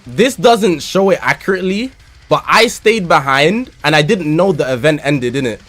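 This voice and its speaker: A young man with a London accent tells stories on his live stream in a slangy, animated way. His voice sits high and swings widely in pitch. Its tone is bright and forceful, with faint game music playing behind him. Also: normal speed. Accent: London English. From England. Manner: animated, slangy, breaks into loud laughter. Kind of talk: casual live-stream storytelling.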